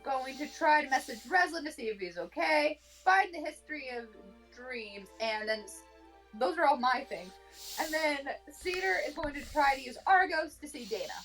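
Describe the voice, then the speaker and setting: A woman's voice: high-pitched, expressive, normal speed, fairly bright tone, soft background music, low-quality recording. A woman casually recapping the last session of a tabletop game, rambling and laughing as she goes. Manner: giggly, rambling, self-interrupting.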